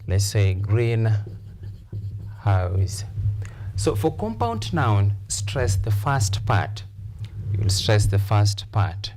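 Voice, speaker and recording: A man's voice: on the low side, very animated, drawn-out words, long pauses, a little mellow, slight background noise. A man teaching English on a TV lesson, repeating key phrases and counting syllables aloud. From Kenya. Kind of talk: TV lesson, slow repetitive explanation. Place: TV classroom studio.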